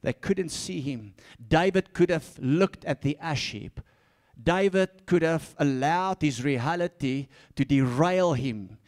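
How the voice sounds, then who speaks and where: High-voiced preacher. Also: male voice, slow pace. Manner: animated preaching, repeats phrases, swings from soft asides to shouts; laughs often, stumbles and restarts when fired up. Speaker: pastor. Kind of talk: sermon.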